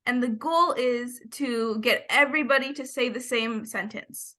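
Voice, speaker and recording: A woman's voice: a little high, a little slow, sharp tone. A woman teacher giving patient, step-by-step classroom instructions over a video call.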